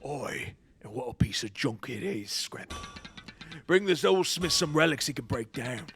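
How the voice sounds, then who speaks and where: Game NPC: gruff old blacksmith crab, voiced by a man, deep and folksy, music underneath. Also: animated, a little slow, fairly bright tone.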